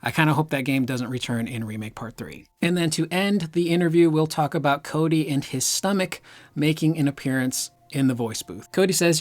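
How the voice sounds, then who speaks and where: A man hosting his own channel, giving animated casual commentary as he reads through an article and talks with his hands. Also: medium pitch, fairly quick. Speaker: gaming news YouTuber. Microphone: close desk microphone. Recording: home mic with faint lo-fi music bed. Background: faint lo-fi hip hop music.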